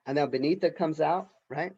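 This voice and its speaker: A man's voice: fairly high pitch, a little fast, darkish tone, slightly rough, dull audio. A male college professor giving a recorded literature lecture in a conversational way, often checking in with "right?".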